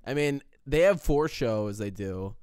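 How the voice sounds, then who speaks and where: A young man in casual chat who talks quickly in run-on stories and laughs a lot. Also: mid-range voice, animated, a little mellow, smooth, no room sound, clean studio sound. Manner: chatty, laughs often.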